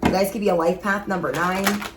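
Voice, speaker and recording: A woman's voice: medium pitch, fairly even intonation, brisk, heavy background noise. A woman giving a casual tarot reading, speaking straight to her viewers in an emphatic, sassy way. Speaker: tarot reader.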